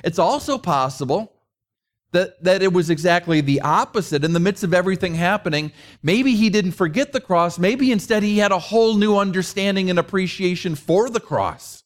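A man's voice: high voice, normal speed. A middle-aged man preaching a conversational sermon, mixing rhetorical questions with personal stories. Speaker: pastor.

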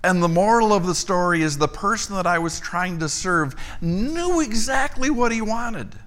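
A man preaching a sermon, telling a story and acting out the dialogue in a lively voice. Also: moderate pace. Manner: animated storyteller, acts out dialogue with rising pitch. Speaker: pastor.

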